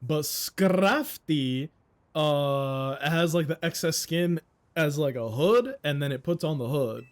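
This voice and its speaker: A man's voice: fairly high pitch, expressive, slow. A man streaming a game, chatting casually with friends and joking with plenty of swearing, riffing on the game's dialogue. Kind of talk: casual let's-play commentary with friends.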